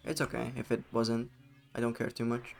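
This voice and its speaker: A man casually commenting on his gameplay as a streamer, relaxed, chatty and playful. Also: mid-range voice, moderate pace, gravelly, music in the background.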